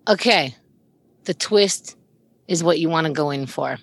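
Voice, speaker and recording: A woman's voice: low-pitched, measured pace, vocal fry, husky, no room sound. A woman co-hosting a podcast in casual chat, retelling things in a chatty way with casual swearing. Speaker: podcast co-host.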